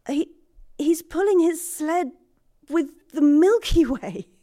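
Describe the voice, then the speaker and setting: A woman's voice: fairly high pitch, expressive, normal speed, darkish tone, no room sound, clean studio sound, natural voice. A woman voicing a shy, scarred young woman in a told folk tale, hesitant and stammering. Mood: awed.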